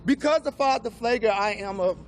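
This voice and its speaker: A young man from Chicago speaks as a student activist, his voice pitched very high for a man. He talks with passionate, emphatic force in front of cameras. Faint background noise sits under the recording. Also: a little fast. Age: young adult. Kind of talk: speech at a press gathering.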